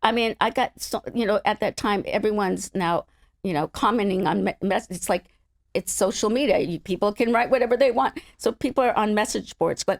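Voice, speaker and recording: A middle-aged woman from the Los Angeles area, an interview guest telling stories in an animated, laughing way. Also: medium pitch, fairly quick, vocal fry, no echo, clean studio sound. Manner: animated, laughing, acts out other people's voices. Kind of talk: casual storytelling chat.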